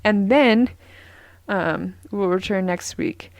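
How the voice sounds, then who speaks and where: A woman's voice: medium pitch, takes it slowly, no echo. A young woman hosting a casual solo podcast, rambling with lots of ums and restarts. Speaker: podcast host.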